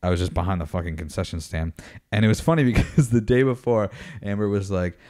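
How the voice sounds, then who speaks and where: Male podcast co-host, lower voice, loose profane storyteller. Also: fast talker, darkish tone. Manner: rambling, profane, laughs through his story. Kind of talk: casual storytelling chat.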